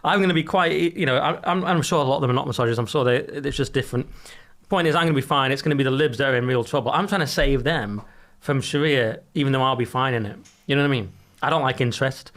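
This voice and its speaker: A man's voice: mid-range voice, a bit bright. A man co-hosting a podcast, joking and sardonic in casual back-and-forth chat. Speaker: podcast co-host.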